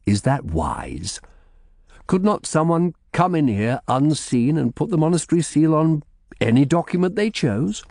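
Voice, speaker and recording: A shrewd, commanding middle-aged lawyer, voiced by a man, pressing his questions firmly. The pitch sits higher than a plain narration and moves in lively swings. The sound is dry and close. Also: measured pace, creaky, dry recording, full character voice. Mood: probing. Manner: firm, probing questions.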